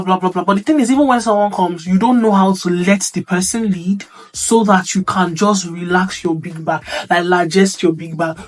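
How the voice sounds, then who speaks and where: Earnest woman giving a talk. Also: mid-range voice. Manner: earnest, repeats points, often asks "you understand?". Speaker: speaker on womanhood. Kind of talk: motivational talk.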